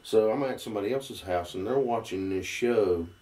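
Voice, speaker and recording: A man's voice: fairly low pitch, normal speed, mellow, distant mic. A man with a Southern US accent, telling stories in a folksy, drawling way in a casual conversation. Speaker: guest.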